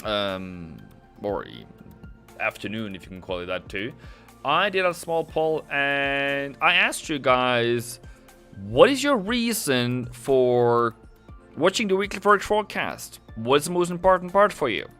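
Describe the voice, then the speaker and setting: A man's voice: mid-range voice, animated, measured pace, a bit bright, faint music behind. A man from Norway, giving chatty live market commentary that rambles and often corrects itself. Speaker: trading streamer.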